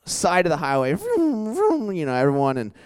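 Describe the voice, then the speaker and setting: A young man preaching in a casual storytelling style, chatty and animated, full of asides and questions put to a live audience. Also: mid-range voice, fast, clean tone. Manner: chatty and animated, full of "like" and "right?", quizzes the crowd. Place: church hall with a live audience.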